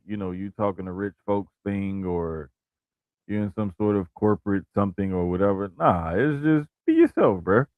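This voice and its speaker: A man co-hosting a wrestling podcast talks in an easygoing, casual way, leaning on fillers and restarting his sentences. His voice is fairly low. The recording is dry and close. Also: no echo, narrow, tinny audio. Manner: relaxed, repeats "bruh" and "like", restarts. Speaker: podcast co-host.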